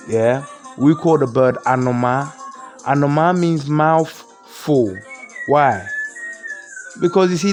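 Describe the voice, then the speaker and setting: A man with a Ghanaian accent giving a comic mock lecture, explaining word by word and asking rhetorical questions. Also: on the high side. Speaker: comedian.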